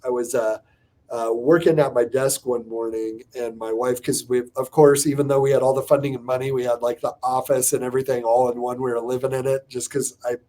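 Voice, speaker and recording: A man's voice: medium pitch, fairly quick. A man in his forties, a company co-founder, telling a candid personal story on a podcast with lots of fillers. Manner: animated, frequent "like" fillers, restarts.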